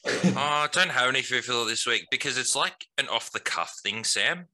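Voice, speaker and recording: A man's voice: medium pitch, animated, normal speed, bright, forceful tone, rough recording. A young man, co-hosting a podcast in offhand, wry casual chat. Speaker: podcast co-host.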